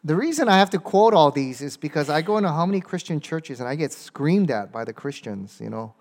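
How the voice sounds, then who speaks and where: A man teaching a church audience in a casual lecture, often checking in with "okay?" and reading passages slowly aloud. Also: fairly high pitch, sing-song, a little mellow. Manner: conversational, keeps checking in with "okay?" and reads verses aloud slowly. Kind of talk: informal lecture with audience questions.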